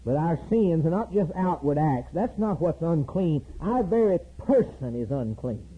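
Raspy, lively preacher man on tinny tape. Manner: preaching with sudden loud high climbs and slow emphatic repetitions. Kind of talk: sermon. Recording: tinny lo-fi recording.

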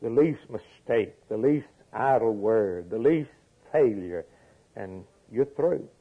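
A man preaching a sermon, repeating phrases and swinging from emphatic peaks to quiet low lines. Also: animated, slow pace, slightly rough. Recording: tinny phone-like lo-fi recording.

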